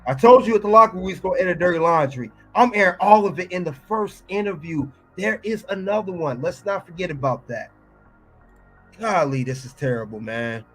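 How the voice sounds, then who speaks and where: A man's voice: high voice, animated, fairly quick, fairly bright tone, breathy edge, soft background music. A man hosting a reaction video, ranting and scolding as he comments on an interview clip.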